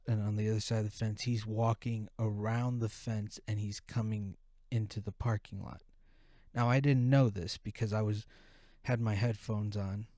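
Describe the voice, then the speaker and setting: A man's voice: on the low side, warm tone, dry recording, studio quality. A man hosting a podcast who tells a profane, rambling story in a casual way. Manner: profane, rambling, full of restarts. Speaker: podcast host.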